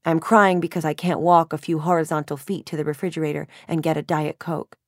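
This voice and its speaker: Thirties woman narrator, wry and emotional first-person reading, low pitch, dry close mic. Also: level tone, a little fast, dry recording. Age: 30s. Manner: wry, self-mocking, emotional. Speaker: audiobook narrator.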